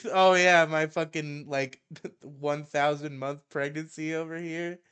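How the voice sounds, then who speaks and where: Laughing, joking young man with a smooth voice. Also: a little high, fairly even intonation, slow, a bit bright. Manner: joking, laughs often, profane. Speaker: podcast host. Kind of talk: casual chat.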